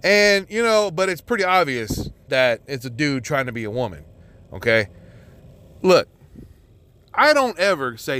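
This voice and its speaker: A man's voice: high-pitched, sing-song, unhurried, sharp tone, no echo. A man hosting a casual solo podcast, rambling and swearing a lot, often restarting his sentences. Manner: rambling and profane, with many restarts and filler words. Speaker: podcast host.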